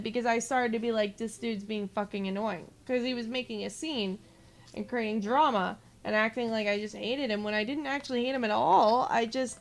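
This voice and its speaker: A woman in her twenties, a game streamer, ranting in casual live-stream chat and swearing freely. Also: a little high. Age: 20s.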